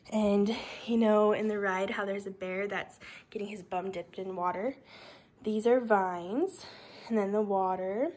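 A woman's voice: mid-range voice, background noise. A woman in her thirties giving a chatty home tour vlog, recorded on a handheld phone in the rooms of a basement. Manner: chatty, laughs often, drops to a whisper in a spooky room. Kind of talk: casual walkthrough vlog.

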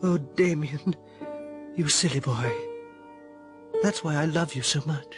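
A man's voice: on the high side, unhurried, over loud music, lightly acted. A man reading the part of a remorseful young woman in a storybook romance, with emotional, pleading lines.

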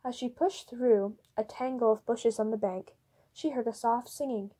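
A woman reading a novel chapter aloud in steady storybook narration. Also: on the high side, normal speed. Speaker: audiobook reader.

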